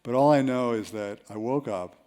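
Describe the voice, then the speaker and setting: A man presenting a seminar to a live audience. He tells self-mocking stories with lively energy. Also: mid-range voice, moderate pace. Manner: storytelling, animated, with self-mocking anecdotes.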